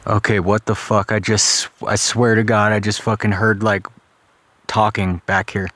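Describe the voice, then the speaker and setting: A man's voice: fairly low pitch, little pitch movement, unhurried, fairly bright tone. A man exploring an abandoned ghost town, speaking aloud to spirits in a casual, questioning way with some swearing. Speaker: paranormal investigator. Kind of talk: ghost hunting vlog. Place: abandoned ghost town, outdoors and in old houses.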